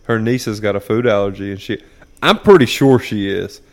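Laid-back lower-voiced man. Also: moderate pace. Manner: laid-back, profane, laughs often. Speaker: podcast co-host. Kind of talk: casual chat.

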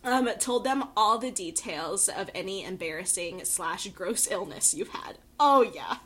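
A woman co-hosting a podcast in casual chat, laughing often and filling pauses with ums. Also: medium pitch, expressive, a bit bright. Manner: giggly, lots of ums and laughs. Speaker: podcast co-host.

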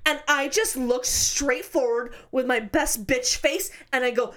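Woman in her thirties, high voice, casual storytelling, animated, swears a lot. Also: measured pace. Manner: animated, swears freely, laughs often. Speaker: podcast co-host.

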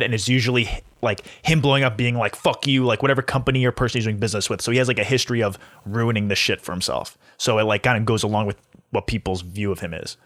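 A man's voice: mid-range voice, a bit bright, no room sound. Casual profane podcast man, dry mic. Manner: chatty, profane, quick recaps with filler words. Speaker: podcast co-host. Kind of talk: casual chat.

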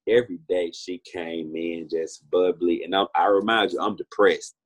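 A man's voice: low-pitched, fairly even intonation, normal speed. A man in his twenties, an interview guest, sharing a personal testimony in an earnest, heartfelt way, often repeating himself. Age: 20s.

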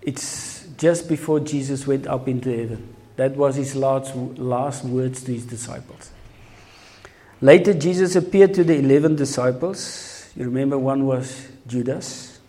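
A man preaching a sermon, emphatic and energetic, switching between two languages. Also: mid-range voice, a little slow.

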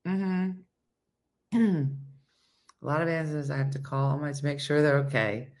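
A woman's voice: deep voice, normal speed. A woman hosting a morning radio show, telling stories in casual chat and acting out the quotes as she goes, often turning to listeners by name. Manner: animated, acts out quotes in voices.

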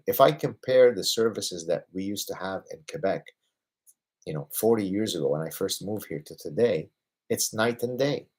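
Man, fifties, low pitch, husky, livestream Q&A host, emphatic. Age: 50s. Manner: emphatic, with rhetorical "right?" tags; lively, getting excited about his passions. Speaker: host answering viewer questions.

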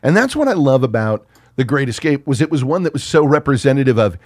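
A man from the United States co-hosting a casual film podcast, talking in a profane, animated way. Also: mid-range voice, fast, dry recording, studio quality. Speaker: podcast co-host.

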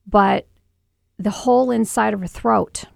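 A middle-aged mother in an interview, recounting a painful memory in a halting, emotional way with many restarts. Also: medium pitch, fairly even intonation, gravelly, no room sound, studio quality. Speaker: guest, mother. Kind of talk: personal storytelling interview.

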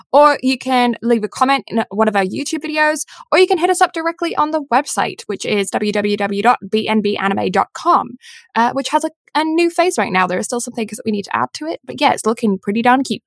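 A woman's voice: fairly high pitch, a bit bright, no room sound. A woman in her twenties co-hosting a podcast, rambling casually with giggles and self-deprecating asides. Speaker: podcast co-host. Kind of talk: casual chat.

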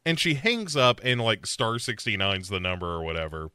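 A man's voice: lowish voice, big pitch swings, normal speed, sharp tone, clear, resonant tone, dry recording. A man co-hosting a podcast, casually recapping a show and acting out quotes in a rambling, playful way. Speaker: podcast co-host.

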